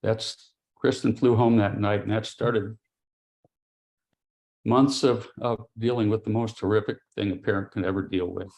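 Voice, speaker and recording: A middle-aged man, an interview guest, giving a grave personal account in a halting way, with pauses and restarts. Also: on the low side, steady tone. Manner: quiet and grave. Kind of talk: personal testimony.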